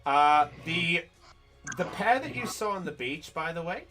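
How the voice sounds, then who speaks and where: Game master narrating tabletop play, animated, bright, keeps self-correcting. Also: medium pitch, a little slow, faint music behind, rough recording.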